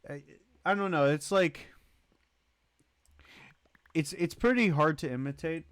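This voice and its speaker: Slow, smooth-voiced male streamer. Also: fairly high pitch, no echo, clean studio sound. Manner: rambling, greets and thanks chatters. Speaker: livestream host. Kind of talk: casual livestream chat.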